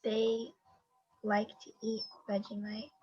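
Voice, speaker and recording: A woman's voice: medium pitch, monotone, slow pace, a little mellow, breathy edge, muffled recording, soft background music. A woman answering as a guest on a video call, hesitant and thinking aloud. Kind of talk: casual chat on a video call.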